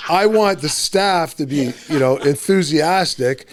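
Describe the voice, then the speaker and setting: A man's voice: fairly high pitch, a little slow. A middle-aged man, a hockey coach guesting on a podcast, talking in a rambling casual way full of "you know" and restarts. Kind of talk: casual interview chat. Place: podcast studio.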